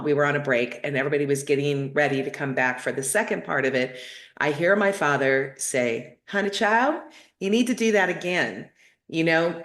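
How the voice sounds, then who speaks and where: A woman's voice: sits low, a bit bright. A middle-aged woman hosting her own show, telling a story to her viewers in a chatty, rambling way with many fillers and restarts. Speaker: host of a spiritual talk show.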